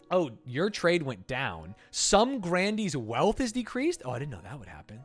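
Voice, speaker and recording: A man's voice: a little high, wildly swooping pitch, moderate pace, few pauses, soft background music. A man streaming a game live. He reads the game text aloud, swears, laughs often, and reacts with a lot of energy. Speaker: gaming streamer.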